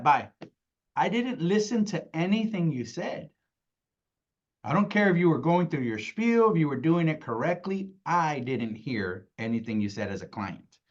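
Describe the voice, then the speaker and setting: A man with young kids, giving an energetic, casual sales training talk, acting out phone calls and often asking "right?". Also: medium pitch, dull audio. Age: adult with young kids. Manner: energetic, acts out calls in quoted voices, keeps asking "right?".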